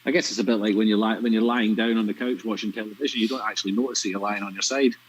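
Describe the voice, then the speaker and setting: A man's voice: lowish voice, fairly even intonation, racing, breathy edge. A man with a Scottish accent commentating on a pool match, dry and teasing as he explains shots. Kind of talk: live sports commentary with banter. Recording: lo-fi stream audio.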